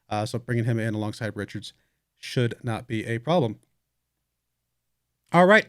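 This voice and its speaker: Relaxed man rambling over a game. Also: medium pitch, no echo, clean studio sound. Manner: relaxed, rambling, yawning, thinking aloud with fillers. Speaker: let's play host. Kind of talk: casual gameplay commentary.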